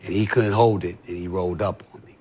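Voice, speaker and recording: A man's voice: sits low, steady tone, quick pace, darkish tone, breathy edge. A man talking in a heated, profane podcast conversation, pressing his points again and again. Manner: emphatic, profane, repeats points. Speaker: sports commentator as podcast guest.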